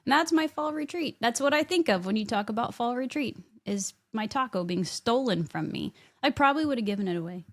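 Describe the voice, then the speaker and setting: A woman's voice: a little high, expressive, a little fast, few pauses. A middle-aged woman co-hosting a podcast, telling a story in casual chat and laughing as she goes. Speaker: podcast co-host.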